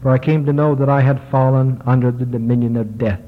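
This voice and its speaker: A man reading the words of Adam, the first man, in a solemn, slow voice. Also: medium pitch, fairly even intonation, natural voice. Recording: tinny lo-fi recording, long hall reverb.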